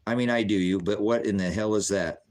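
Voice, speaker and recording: Man, middle-aged, deep voice, blunt, combative, preachy, answering chat on a livestream. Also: a little fast, a little mellow. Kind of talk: livestream Q&A sermonizing.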